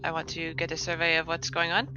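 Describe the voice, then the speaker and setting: A woman's voice: low voice, completely flat delivery, fast, sharp tone, muffled recording, soft background music. A woman playing a tabletop game, describing her moves carefully and hesitantly. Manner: careful, hesitant, thinks aloud. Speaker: player.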